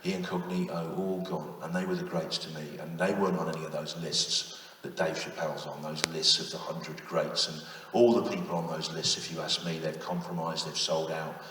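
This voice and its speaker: A man's voice: rumbling low, level tone, moderate pace, a little hiss or hum. A man in his fifties doing a live stand-up routine, sardonic and self-mocking, leaning on tag questions. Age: 50s. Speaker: stand-up comedian. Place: large theatre on stage. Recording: distant echoey hall with loud audience.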